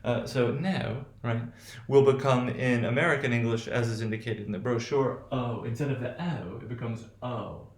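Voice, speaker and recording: A man's voice: medium pitch, normal speed, few pauses. A man teaching English pronunciation in a loose lecture, thinking aloud with many fillers and repeated "right?" checks. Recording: echoey room.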